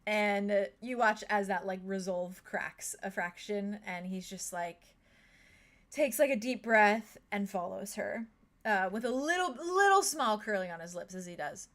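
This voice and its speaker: A woman's voice: mid-range voice, a little slow, a bit bright. Woman, game master, tabletop narration, casual, rambling, filler words, mid-range voice. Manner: casual, many fillers, chuckles between lines.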